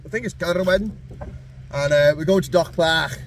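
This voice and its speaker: A man's voice: fairly high pitch, normal speed, a little hiss or hum. A man hosting a fishing vlog in casual, jokey banter, often laughing and teasing his mate. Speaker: fishing video host.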